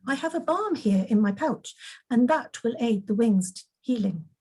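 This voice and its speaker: A woman voicing a calm, helpful male elf archer in a storybook reading, explaining steadily. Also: on the high side, normal speed, slightly rough. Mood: reassuring.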